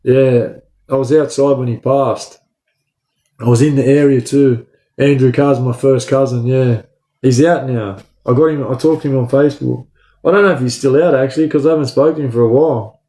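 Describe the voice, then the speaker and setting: A man's voice: medium pitch, normal speed. Australian male streamer, casual slang, answers chat in an echoey room. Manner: relaxed slangy chat to viewers. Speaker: livestream host. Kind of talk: casual live chat reading comments.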